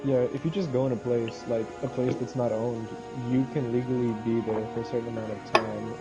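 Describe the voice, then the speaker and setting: A man's voice: mid-range voice, steady tone, fairly quick, muffled recording, music in the background. A man chatting casually during a gaming session, explaining things in a matter-of-fact way. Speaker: co-player on voice chat. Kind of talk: casual chat while gaming.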